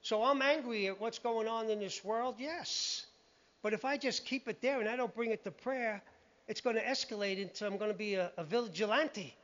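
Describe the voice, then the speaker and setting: A man's voice: high-pitched, normal speed, fairly bright tone. A man preaching a sermon in a conversational, emphatic way, often quoting scripture. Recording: muffled lo-fi recording.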